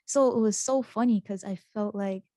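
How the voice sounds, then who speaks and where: A woman's voice: medium pitch, moderate pace, dry recording, clean studio sound. A young woman, a student, telling a story in casual chat and acting out the voices of people she quotes. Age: young adult. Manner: animated, acts out quoted voices with laughter. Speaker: student interviewee.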